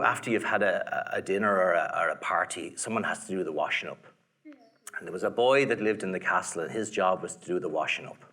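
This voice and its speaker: A man with an Irish accent telling a folk tale to a live audience in a playful, theatrical way, dropping to whispers and rising to shouts. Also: mid-range voice. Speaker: storyteller. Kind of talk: animated storytelling to a live audience.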